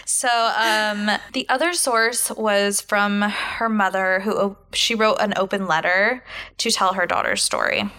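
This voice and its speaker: A woman co-hosting a podcast, telling a true-crime story in a chatty, casual way with quick laughs. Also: medium pitch. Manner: chatty, laughs often, animated reactions. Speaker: podcast co-host.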